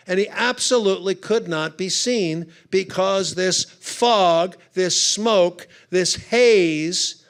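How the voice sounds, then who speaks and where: A man speaking at a men's conference, telling a humorous story with lively acted-out voices. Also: sits high, clean tone.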